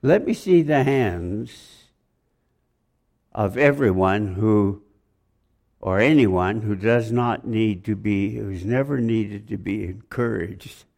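A man's voice: fairly low pitch, takes it slowly, gravelly, a little mellow. A man preaching a sermon, rambling, joking with the congregation and asking them questions.

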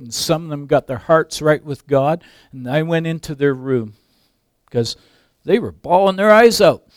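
An older man preaching a sermon, swinging from loud emphatic peaks to quiet asides. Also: mid-range voice, dry recording, clean studio sound. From English background.

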